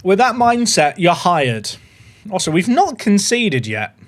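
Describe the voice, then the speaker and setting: A young man hosting a casual livestream, chatty and excitable as he talks to his viewers. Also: sits high, a little slow. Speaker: livestream host.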